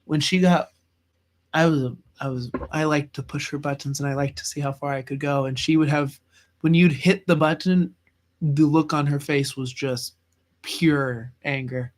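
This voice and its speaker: A man with a slightly high voice tells family stories in a casual chat. He tells them with energy and plays the people in them. The talk is relaxed and conversational. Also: normal speed. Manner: animated storyteller, acts out his mother's voice.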